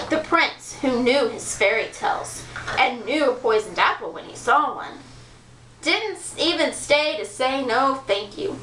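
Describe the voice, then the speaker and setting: A woman reading a children's story aloud with playful, expressive narration. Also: sits high, a little slow, a little hiss or hum. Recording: echoey room from far off.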